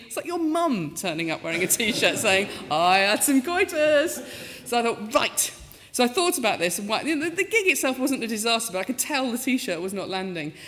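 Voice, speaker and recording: A woman in her fifties giving a talk as a professor, telling stories in a lively, self-mocking way and acting out the voices she quotes. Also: fairly high pitch. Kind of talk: storytelling talk with comic asides. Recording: lecture hall with long reverb.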